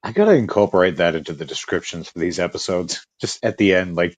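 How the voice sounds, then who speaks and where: A man's voice: low voice, fast, no echo. A man co-hosting a podcast in teasing, joking casual chat. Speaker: podcast co-host.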